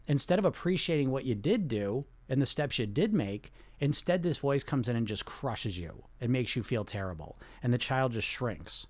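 A man's voice: mid-range voice, darkish tone, no echo. A man, a hypnotherapist, explaining ideas in a conversational self-help talk and often checking in with his listeners. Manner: conversational, keeps checking in with "okay?" and "right?".

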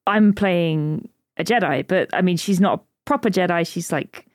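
A woman's voice: on the low side, normal speed, dry recording, studio quality. A woman co-hosting a podcast in a casual, giggly chat with many fillers. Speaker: podcast co-host.

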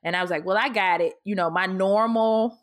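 A woman's voice: medium pitch, brisk. A woman co-hosting a podcast in casual chat, talking candidly and emotionally with many restarts. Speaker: podcast co-host.

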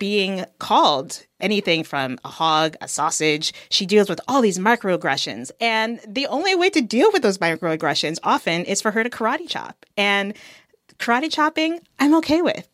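A woman's voice: lowish voice, no room sound, clean studio sound. A woman co-hosting a podcast in casual, playful chat. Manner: playful, animated storytelling. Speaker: podcast co-host.

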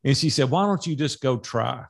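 Man, gravelly voice, podcast guest, animated storyteller, retells conversations. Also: mid-range voice, moderate pace. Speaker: podcast guest, business coach.

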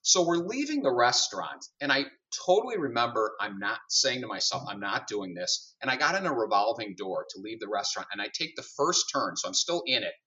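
A middle-aged company CEO, a podcast guest, recounts his career as an animated storyteller, playing both sides of every conversation. His bright, forceful voice is medium-pitched and a little fast with hardly any pauses, recorded far from the mic with a dull, muffled sound.

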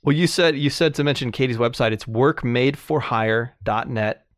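A man's voice: medium pitch, normal speed, no echo. Male co-host, earnest and plain-spoken, dry recording. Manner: earnest, explaining, with restarts. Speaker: podcast co-host. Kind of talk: casual chat.

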